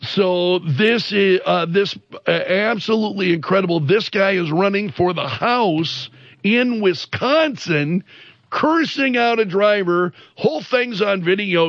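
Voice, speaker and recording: A man with a notably high voice talks through the news at an unhurried pace, filling the gaps with ums and restarts as he piles on disbelief. The sound is dry and a little dull, with no room around it. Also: no room sound. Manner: animated, incredulous retelling with frequent fillers and restarts. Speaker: commentary show host. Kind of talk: casual news commentary.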